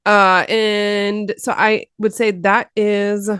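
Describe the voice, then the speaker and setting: A woman's voice: medium pitch, little pitch movement, slow, a bit bright, clear, resonant tone, no echo, studio quality. A woman co-hosting a casual podcast chat, playful and teasing. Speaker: podcast co-host.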